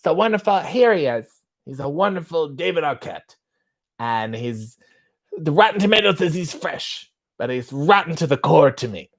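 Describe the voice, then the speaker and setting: A man's voice: on the high side, sing-song, normal speed, dry recording, studio quality. A man doing an impression of a pompous, snide middle-aged male celebrity interviewer who fawns and insults in the same breath, tacking "boy" onto his questions. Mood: snide mock-flattery.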